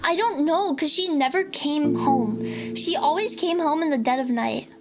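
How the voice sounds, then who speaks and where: A young adult woman VTuber rambles through a story during a casual stream chat, packing it with fillers and acting out what people said. Her voice sits high at a normal pace, with loud music playing underneath.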